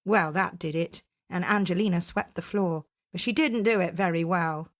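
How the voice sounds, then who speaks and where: A woman storyteller telling a fairytale to children in a dramatic, expressive way. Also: on the low side. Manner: dramatic, unhurried, with voiced characters.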